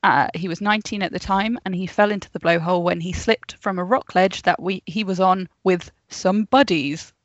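A woman co-hosting a casual chat podcast, reading a story from her notes and breaking off for asides and laughs. Her voice sits a little low, and it is recorded dry with a dull, muffled tone. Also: steady tone, moderate pace, hardly any pauses, no echo. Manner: reads from notes, laughs often, chatty asides. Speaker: podcast co-host.

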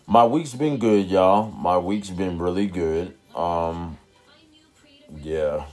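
A man with a low, darkish voice hosts his own podcast, taking things slowly. His solo talk is casual, laid-back, and rambling, loose and full of slang and fillers.

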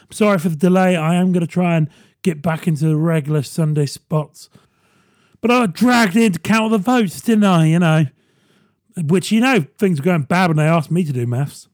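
A man hosting a podcast, delivering a sardonic comedy monologue with quick asides to the listener. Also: on the high side, a little mellow, no echo, studio quality. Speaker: podcast host. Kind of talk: stand-up style comedy monologue.

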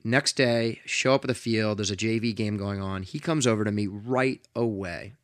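A middle-aged man hosting an interview and telling a story in an earnest, animated way, with frequent restarts. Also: fairly low pitch, moderate pace, no echo, studio quality. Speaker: podcast host.

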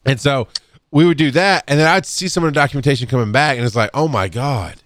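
A blunt, animated man hosts a casual podcast and talks as an EMS educator. His voice jumps higher whenever he gets fired up, and he laughs often along the way. The sound is dry and close, with almost no room on it. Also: fast, no echo. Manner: blunt and animated, swings up in pitch when fired up; laughs often and clears throat.

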